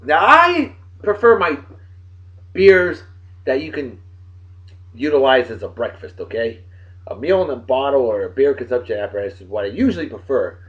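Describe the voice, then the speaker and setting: A man in his forties hosting a casual beer review vlog, with loud, joking, exclamatory banter. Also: on the high side, very animated, moderate pace, lo-fi sound. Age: 40s.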